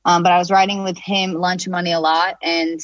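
A woman's voice: on the low side, little pitch movement, a little fast, no echo, muffled recording. A woman, a singer-songwriter, chatting casually and telling a story with lots of fillers, acting out the lines she quotes.

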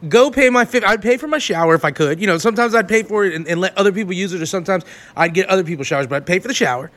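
A man with a notably high speaking voice tells crude stories from life on the road. He talks loosely and laughs easily, and the tone stays casual and irreverent throughout. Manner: crude, animated, quick to laugh. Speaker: touring performer. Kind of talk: raunchy casual storytelling.

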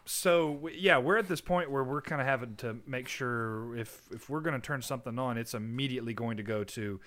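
A man's voice: mid-range voice, fairly quick, fairly bright tone. A man who is a parent, chatting casually as a podcast co-host, rambling and laughing often as he talks. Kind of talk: casual chat.

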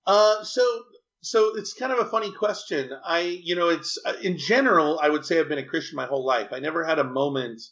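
A man's voice: fairly high pitch, brisk, a bit bright, muffled recording. Earnest, chatty man telling a story. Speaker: interview guest. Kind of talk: casual interview storytelling.

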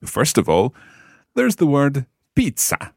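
Lively man teaching a language. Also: mid-range voice, slow pace, gravelly, slightly rough, no room sound, studio quality. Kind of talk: scripted podcast lesson.

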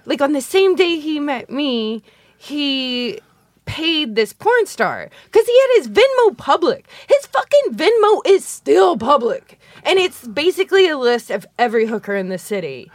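A woman's voice: sits high, sing-song, measured pace, no room sound, studio quality. A woman, a guest in a casual chat, talking in a chatty way packed with fillers and the odd swear.

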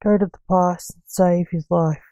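Brief: a calm guide, voiced by a woman, slow storybook reading. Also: fairly low pitch, no echo, poor audio. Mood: instructive.

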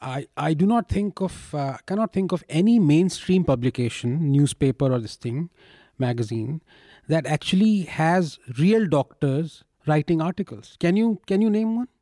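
A man's voice: on the high side, animated, normal speed, warm tone, no echo, clean studio sound. A man speaking on a podcast panel, often hesitating, restarting his sentences and laughing. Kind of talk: casual panel chat.

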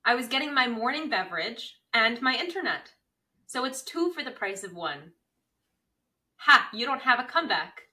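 Bright, playful young woman co-host. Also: fairly high pitch, sing-song, a little fast, distant mic, poor audio. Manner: playful, self-mocking, laughs often. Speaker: podcast co-host. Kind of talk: casual podcast chat.

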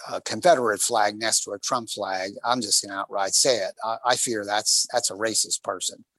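A man hosting a talk show, telling stories from a bike trip in a casual, animated way and acting out the quotes. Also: lowish voice, moderate pace, no room sound. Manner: animated, rambling storyteller who acts out quotes. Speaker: radio show host on a cycling trip. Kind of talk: casual storytelling chat on air.

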